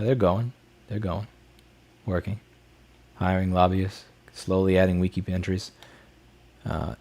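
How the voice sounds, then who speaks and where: A man with a somewhat low voice hosts a casual livestream Q&A. He reads chat messages aloud and answers them in a blunt, off-the-cuff way, swearing freely. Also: a little mellow.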